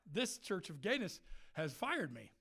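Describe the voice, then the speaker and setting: A man preaching with humor, telling self-mocking stories in an animated way and laughing often. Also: high-pitched, a little slow, breathy edge. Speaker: traveling preacher and musician. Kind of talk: humorous sermon storytelling.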